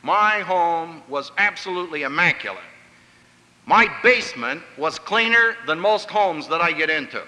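A man's voice: fairly high pitch, animated, normal speed, bright, forceful tone, big-room sound, poor audio. A man from Pennsylvania giving an emphatic, story-filled talk on family life, acting out the voices he quotes. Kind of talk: sermon-style lecture with stories.

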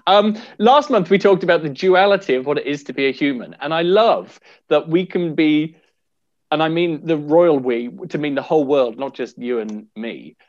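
Lively, teasing man, lo-fi sound. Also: fairly high pitch, normal speed. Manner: playful, teasing, jokey. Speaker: podcast co-host. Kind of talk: casual chat. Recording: dull lo-fi recording.

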